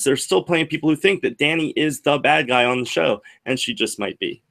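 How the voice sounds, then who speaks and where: A man's voice: a little high, a little fast, creaky, a bit bright. A man co-hosting a livestream discussion, talking with animation and asking rhetorical questions. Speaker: co-host.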